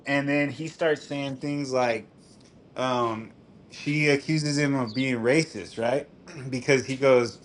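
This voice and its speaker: A man's voice: medium pitch, steady tone, takes it slowly, slight background noise. Rambling, laughing male streamer. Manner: rambling, profane storytelling peppered with "dude"; laughs often while telling a story. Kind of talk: casual chat.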